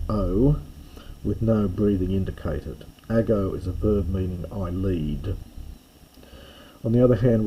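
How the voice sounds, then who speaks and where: Guy teaching the greek alphabet, low dark husky voice, keeps correcting himself as he goes. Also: a little hiss or hum, low-quality recording. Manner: loose, self-correcting explanations with fillers and restarts. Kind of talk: recorded lecture on Greek pronunciation.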